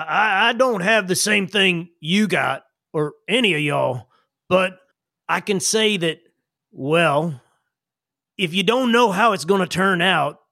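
A man's voice: sits high, creaky, bright, forceful tone, dry recording, clean studio sound, exaggerated voice. A man voicing a folksy young man in a power suit who talks in a casual drawl.

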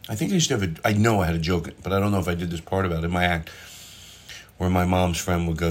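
A man's voice: deep voice, steady tone, rapid-fire. A middle-aged man, a comedian, chatting casually and rambling while he cooks and eats at home, recorded on a propped-up phone. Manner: rambling, self-interrupting, with mild swearing. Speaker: comedian hosting his own show. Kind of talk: casual chat while cooking and eating. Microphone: phone propped up nearby.

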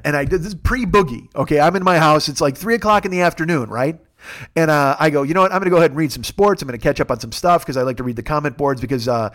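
A man hosting a podcast, telling profane, excitable comic stories in a sports rant. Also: a little high. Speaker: podcast host.

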